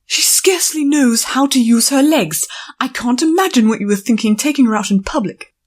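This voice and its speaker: A woman's voice: fairly high pitch, fairly quick, voice pushed up, lightly acted. A woman voicing a prim, irritable scholarly unicorn pony who scolds her friend in an audiobook. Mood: exasperated. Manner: clipped, exasperated, scolding. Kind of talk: audiobook character voice.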